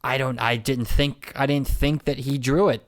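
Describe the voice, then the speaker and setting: A man co-hosting a podcast in casual chat about a TV episode, chatty, with quick interjections and frequent laughs. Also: medium pitch, steady tone. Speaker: podcast co-host.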